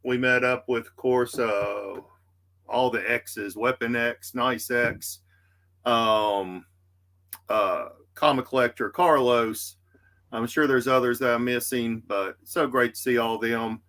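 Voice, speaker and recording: A man from Texas with a Southern US accent hosts a live comic book auction stream, easygoing and rambling with plenty of fillers. His medium-pitched voice is steady and fairly bright, and he talks slowly.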